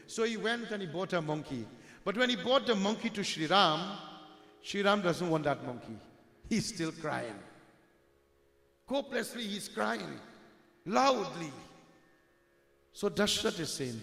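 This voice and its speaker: A man with a high, expressive, fairly bright voice tells a devotional story as a sermon, a little slowly and with long pauses. This religious storyteller calls his listeners his dear friends and mixes in Hindi devotional words. The recording is from an echoey hall with long reverb.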